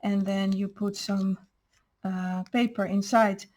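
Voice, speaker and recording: A woman's voice: mid-range voice, steady tone, slow, darkish tone. A woman hosting a craft channel, patiently explaining step by step how she made each paper piece. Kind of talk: crafting show-and-tell.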